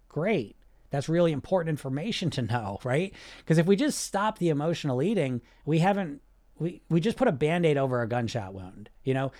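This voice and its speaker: A man's voice: fairly high pitch, normal speed. A man hosting a podcast as a weight loss coach, talking directly and casually, often throwing in rhetorical questions and check-ins. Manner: direct and animated, asks rhetorical questions and checks in with "right?" and "you see?"; casual, sometimes swears.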